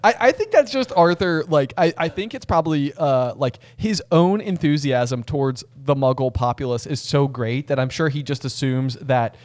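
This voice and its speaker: A man's voice: on the high side, normal speed, hardly any pauses, darkish tone. A man co-hosting a podcast, chatting casually about a book, agreeing often and restarting his sentences. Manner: agreeable, repeats "yeah" and "right", stammers on restarts. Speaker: podcast co-host.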